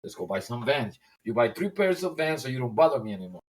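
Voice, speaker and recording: Animated middle-aged man telling stories. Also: quick pace. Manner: animated storyteller who acts out old-timers in a high voice. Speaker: discord caller. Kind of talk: casual chat. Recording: voice chat over discord.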